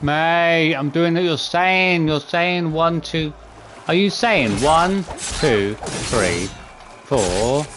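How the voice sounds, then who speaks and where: A man's voice: a little high, steady tone, slow pace, noisy background. A man streaming a video game, exasperated, swearing and counting his button presses aloud. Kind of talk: live gameplay commentary.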